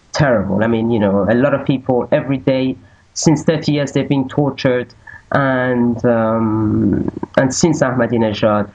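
A woman speaks earnestly, often pausing with fillers as she hunts for the right word. Her pitch swings widely up and down. The recording sounds dull and lo-fi. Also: darkish tone. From Iran. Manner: earnest, searches for words with many fillers. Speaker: guest. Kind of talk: casual conversation. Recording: dull lo-fi audio.

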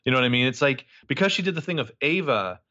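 A man co-hosting a podcast, chatting in an animated, joking way about a TV show. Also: medium pitch, fast talker, dull audio. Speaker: podcast co-host recapping a TV show. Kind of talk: casual chat.

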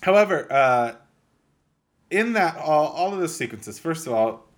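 A man's voice: a little high, expressive, unhurried. Argumentative young man, casual swearing. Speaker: podcast co-host. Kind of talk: casual game review chat.

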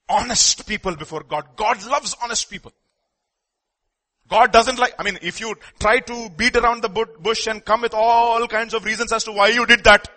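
Emphatic preacher man, bright voice. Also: sits high. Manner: emphatic, swings between loud declaring and hushed confiding; reads scripture aloud, asks the congregation questions. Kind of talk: sermon.

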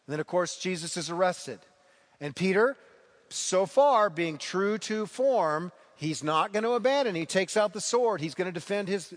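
A man's voice: fairly high pitch, long reverb tail. A man preaching a sermon as pastor, retelling the story earnestly and repeating key phrases for emphasis.

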